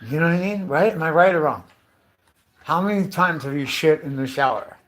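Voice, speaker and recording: A man's voice: fairly high pitch, lively intonation, brisk, fairly bright tone. A man of fifty in a rambling comic monologue, swearing freely, calling everyone dude and bro and firing off rhetorical questions. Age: 50s. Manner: profane, chatty, full of rhetorical questions; calls listeners dude and bro.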